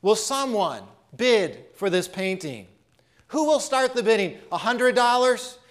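A man's voice: sits high, very animated, unhurried, pitched above the performer's own voice. A man voicing a persistent auctioneer who keeps calling for bids in an insistent way. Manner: insistent, repeating his call.

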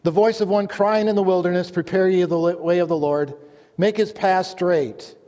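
A pastor delivering a sermon, reading scripture aloud and telling a folksy joke in an earnest manner. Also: male voice, high voice, fairly even intonation, moderate pace, dark tone. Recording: long hall reverb.

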